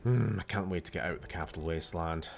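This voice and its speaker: A man's voice: deep voice, quick pace, vocal fry, noisy background. Swearing Scottish man streaming a game. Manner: swears often, mutters to himself. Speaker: gaming streamer. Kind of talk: casual gameplay commentary.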